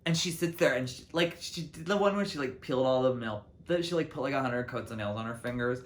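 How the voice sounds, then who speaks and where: Chatty young man rambling to camera. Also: quick pace. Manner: chatty, lots of "like" and restarts, lively swings in pitch and loudness. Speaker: host of a solo talk show. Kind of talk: casual rambling monologue to camera. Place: apartment in a big city. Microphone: camera mic.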